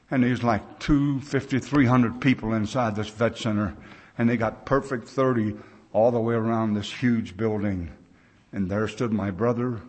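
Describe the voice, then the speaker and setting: An older man with an American accent, speaking at a mid-range pitch, tells his recovery story to a large gathering. He is plain-spoken and folksy. He slips into the voices of the people he quotes. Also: a little mellow. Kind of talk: personal recovery story told to a conference crowd.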